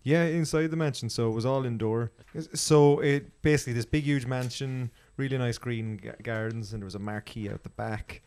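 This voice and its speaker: Gravelly-voiced Irish man reviewing a festival. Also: medium pitch, brisk, few pauses, a little mellow. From Ireland. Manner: rambling, enthusiastic, many restarts. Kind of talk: casual podcast chat.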